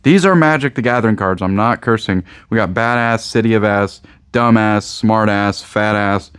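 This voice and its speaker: Midwestern guy hosting a card shop channel, low voice, dry close sound, rambling jokey rant. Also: moderate pace, fairly bright tone, clear, resonant tone, no echo. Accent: American Midwest. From Indiana, USA. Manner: rambling, joking, repeats himself. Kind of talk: casual rant to camera.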